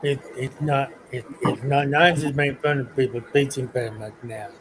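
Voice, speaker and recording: A man's voice: medium pitch, fairly even intonation, normal speed, noisy background. A man on a casual live stream, stammering as he cracks corny jokes.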